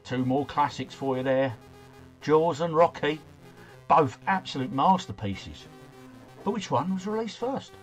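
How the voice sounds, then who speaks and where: A man's voice: fairly high pitch, animated, unhurried, soft background music. A man hosting a trivia quiz, reading out questions and answers and adding chatty, joking asides. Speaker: quiz host.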